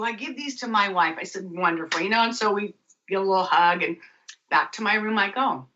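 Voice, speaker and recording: Woman radio guest, animated storyteller; bright voice, dull lo-fi audio. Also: mid-range voice, brisk. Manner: animated storyteller acting out dialogue. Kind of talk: storytelling interview.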